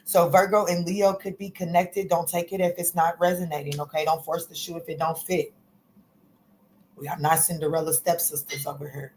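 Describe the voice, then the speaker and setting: A woman's voice: on the low side, little pitch movement, moderate pace, a little mellow, a little hiss or hum, low-quality recording. Chatty woman doing a casual tarot reading. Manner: chatty, folksy, calls listeners baby and honey, curses freely. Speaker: tarot reader.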